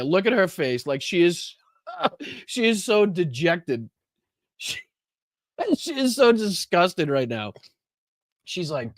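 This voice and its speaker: A man's voice: fairly high pitch, lively intonation, slow pace, dry recording, clean studio sound. Sarcastic man with a Boston accent. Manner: sarcastic, laughing often, profane. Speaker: political podcast host. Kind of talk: casual commentary reacting to a video.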